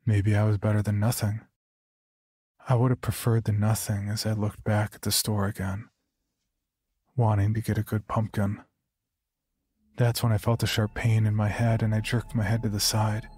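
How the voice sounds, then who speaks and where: Husky low-voiced man narrating horror. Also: little pitch movement, no echo. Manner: quiet, halting, subdued first-person telling.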